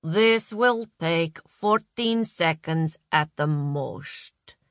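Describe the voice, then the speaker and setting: A woman voicing a tall, imperious female boss who speaks briskly and curtly in an audiobook. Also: on the low side, sharp tone, no echo, studio quality, full character voice.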